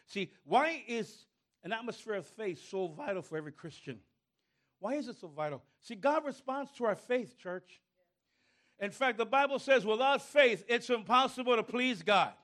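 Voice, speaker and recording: A male pastor preaching a sermon, calling on the congregation and rising to shouts. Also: extremely high pitch, lively intonation, moderate pace.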